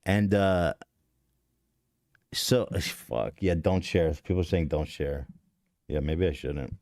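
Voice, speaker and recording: A man's voice: rumbling low, slow, darkish tone, dry recording, studio quality. A man hosting a podcast, telling a story in a rambling, profane, self-deprecating way with many restarts. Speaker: podcast host. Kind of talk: casual confessional podcast talk. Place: podcast studio.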